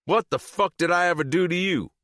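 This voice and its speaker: A man's voice: sits high, brisk, pushed and bright, no room sound, studio quality, pitched above the performer's own voice. A man voicing an angry young biker son who confronts his mother in harsh, cursing outbursts. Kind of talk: audiobook character reading.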